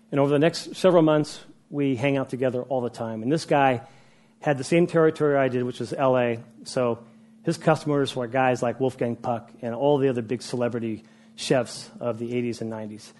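A man in his sixties tells a personal story to a room of listeners in a mid-range voice. He talks in an animated, conversational way and often restarts his sentences. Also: mid-range voice, moderate pace. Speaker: speaker addressing a group.

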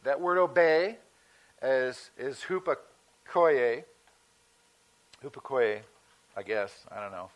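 A male pastor giving a sermon in a conversational teaching manner, slowing down to stress key words. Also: mid-range voice, expressive, lo-fi sound.

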